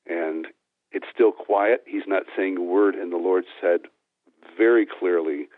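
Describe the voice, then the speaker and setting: A man's voice: deep voice, unhurried, no echo. A man giving an earnest personal testimony as an interview guest, telling it step by step with frequent restarts. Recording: tinny phone-like dry sound.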